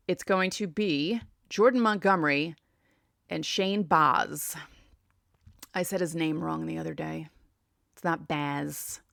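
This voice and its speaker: A woman's voice: low voice, gravelly, no echo, studio quality. A woman with a New York accent hosting a casual solo sports podcast, chatting and thinking aloud as she reads out stats. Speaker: podcast host.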